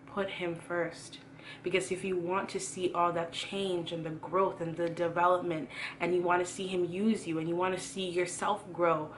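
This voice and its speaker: A young woman with a lowish voice, over a faint hiss or hum, delivers a casual sermon as a youth Christian vlogger. She's earnest and preachy, repeating phrases for emphasis.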